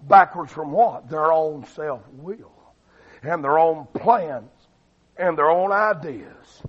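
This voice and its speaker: A man preaching a fiery revival sermon, swinging between loud shouting and low, quiet delivery. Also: lively intonation, slow, slightly rough. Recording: dull lo-fi recording.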